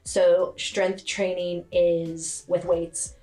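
A woman strength coach explaining her gym's training in a relaxed podcast chat. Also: on the low side, drawn-out words, soft background music. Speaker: gym owner and strength coach.

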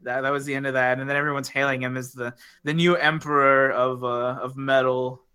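A man's voice: medium pitch, level tone, fairly quick, pushed and bright, clear, resonant tone. A young man telling a film plot among friends in casual chat, rambling and profane, with lots of fillers.

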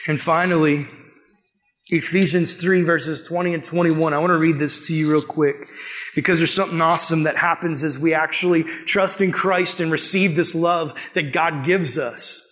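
A youth pastor preaching to students, earnest, with loud emphatic peaks that drop to hushed quiet lines. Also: male voice, a little high, fairly even intonation, moderate pace. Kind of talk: sermon. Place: room with a youth group.

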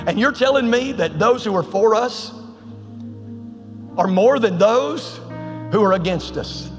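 A preacher putting on a panicked young servant. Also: male voice, sits high, animated, unhurried, long reverb tail, music in the background, pitched above the performer's own voice. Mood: incredulous. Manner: frantic, pleading.

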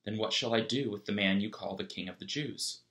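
A man reading aloud the lines of a Roman governor questioning a prisoner, in a measured way. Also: lowish voice, a bit bright. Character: questioning Roman governor, male, middle-aged.

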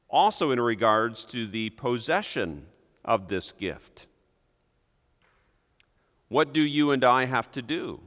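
Slow, emphatic preacher in a reverberant hall. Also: male voice, mid-range voice, a bit bright. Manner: deliberate, emphatic preaching with rising stresses. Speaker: pastor. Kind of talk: sermon. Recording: long reverb of a church hall.

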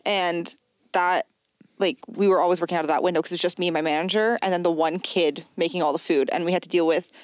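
A young woman from Canada, a podcast guest telling stories in casual chat, lively and full of fillers. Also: lowish voice, quick pace, no room sound, studio quality. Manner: lively storyteller with many fillers.

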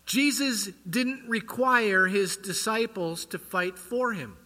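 Bright-voiced male pastor in echoing church. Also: high voice, takes it slowly. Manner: quizzes the congregation with rhetorical questions. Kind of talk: sermon. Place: church sanctuary. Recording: long church hall reverb.

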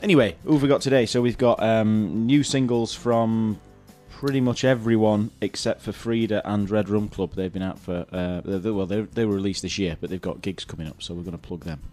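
A man's voice: on the low side, steady tone, fairly quick, hardly any pauses, mellow. A man co-hosting a music radio show, dry and understated. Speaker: radio co-host. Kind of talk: casual chat between music plays.

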